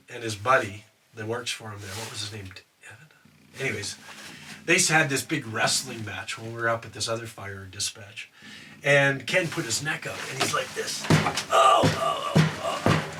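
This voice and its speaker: An older man from Canada, a former wildland firefighter, casually tells a rambling story with lots of fillers. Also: medium pitch. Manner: rambling, with many fillers and acted quotes. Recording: distant mic with steady background noise.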